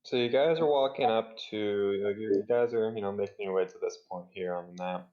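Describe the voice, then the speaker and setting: A man runs a tabletop game as game master. He narrates in a laid-back, slightly hesitant way. His voice sits a little low and reaches us through a dull, lo-fi voice call. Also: a little fast, mellow.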